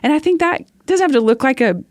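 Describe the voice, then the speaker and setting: A woman's voice: high-pitched, animated, fast talker, a little mellow, no echo, studio quality. A woman worship leader telling stories earnestly in a casual podcast conversation, laughing often.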